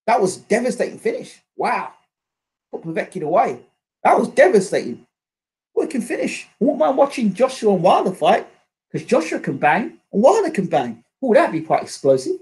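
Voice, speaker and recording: Animated opinionated man talking boxing. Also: high-pitched, moderate pace. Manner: animated and opinionated, with many fillers and restarts. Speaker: boxing channel host. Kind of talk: casual boxing reaction commentary.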